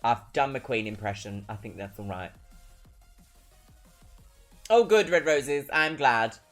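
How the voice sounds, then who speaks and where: A woman's voice: a bass voice, animated, a little slow, soft background music. A British woman streaming, chatting casually with a giggly, rambling, self-mocking manner. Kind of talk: casual chat.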